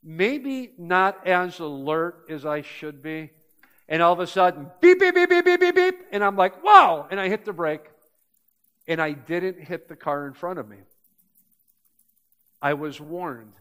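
A man's voice: a little high, unhurried, long pauses, a bit bright, clear, resonant tone. An older man preaching a sermon as pastor in a church, telling stories and building up to emphatic points.

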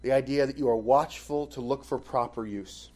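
Man preaching a sermon, mellow voice. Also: medium pitch, normal speed. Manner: emphatic, punching key phrases louder.

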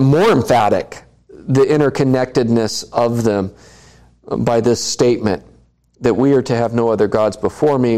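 A man's voice: medium pitch, dark tone. A man preaching a sermon, putting questions to the congregation and repeating key lines for emphasis. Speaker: pastor.

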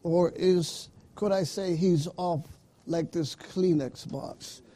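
A man preaching a sermon, slow and emphatic, calling out to his listeners. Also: high voice, warm tone. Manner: slow, emphatic preaching with call-outs to the congregation.

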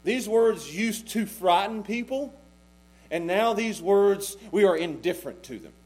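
A man preaching a sermon as pastor, passionate, swinging between loud pleading and hushed intensity. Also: high voice, expressive, measured pace, rough recording.

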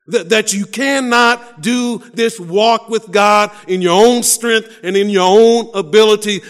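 A man's voice: high-pitched, fairly bright tone, big-room sound. A man preaching a sermon as pastor, emphatic and repeating phrases, often restarting words as he builds each point.

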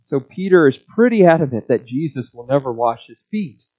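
A man preaching a sermon, explaining a passage verse by verse in a slow, measured way. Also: medium pitch, lively intonation, lo-fi sound. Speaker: pastor.

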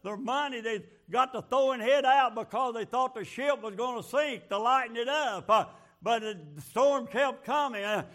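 A man's voice: extremely high pitch, normal speed, fairly bright tone. A man preaching a fervent, folksy sermon full of rhetorical questions.

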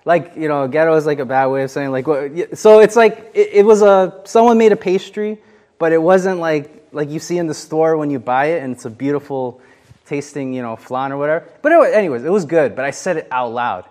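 A man's voice: fairly high pitch, fairly quick, darkish tone. Chatty man leading a Bible study. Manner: chatty, filler-heavy, asks the group questions. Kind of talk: casual interactive Bible teaching.

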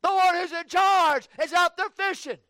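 A man preaching an evening sermon in repetitive call-and-response style, swinging from hushed low phrases to shouted peaks. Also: normal speed, no echo.

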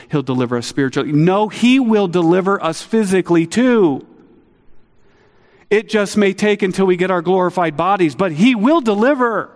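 A middle-aged man preaching a sermon, earnest and animated, acting out quotes with a lifted voice. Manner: earnest, animated, acts out quotes with rising pitch. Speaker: pastor. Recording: long hall reverb.

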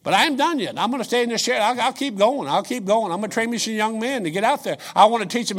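Older man preaching, loud swings. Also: high voice, animated, fast talker, hardly any pauses. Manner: folksy storytelling, swings from quiet asides to shouting. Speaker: pastor. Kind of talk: sermon.

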